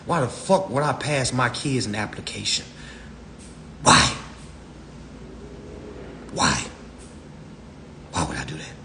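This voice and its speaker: A man's voice: mid-range voice, fairly bright tone, slight background noise. A man on a live stream, ranting in a blunt, profane, preachy way into his phone. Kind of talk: casual rant.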